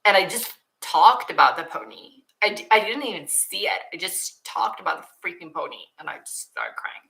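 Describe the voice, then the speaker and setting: A woman's voice: fairly low pitch, expressive, a little fast, creaky, bright, forceful tone, rough recording. A young woman with a Swedish accent answering viewer questions in a casual, emotional chat, often laughing and filled with "like" and "um". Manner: emotional, giggly, many likes and ums.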